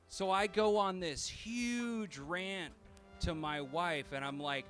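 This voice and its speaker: A man's voice: sits high, takes it slowly, fairly bright tone, faint music behind. A man doing a stand-up comedy routine, ranting in a profane, incredulous way.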